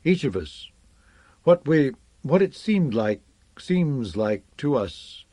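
A hesitant crewman, as a male narrator voices him, breaking off and restarting as he gropes for words. The delivery is slow with lively pitch movement, recorded dry and close. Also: dry recording. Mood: unsettled. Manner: halting, searching for words.

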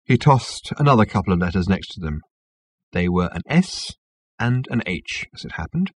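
Husky, wry male audiobook narrator. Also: low voice, moderate pace. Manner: wry, expressive storytelling. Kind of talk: scripted comic narration.

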